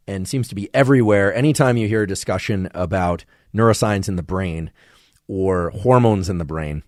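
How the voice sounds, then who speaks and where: A man hosting a podcast, giving a measured, professorial solo explanation of science. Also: fairly low pitch, a little mellow, no room sound, clean studio sound. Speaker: podcast host.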